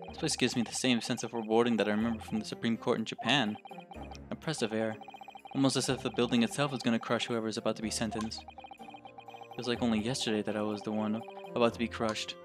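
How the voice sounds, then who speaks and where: Man doing a tense young lawyer, low and quiet. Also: fairly quick, music in the background, close to an everyday voice. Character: anxious young Japanese male lawyer.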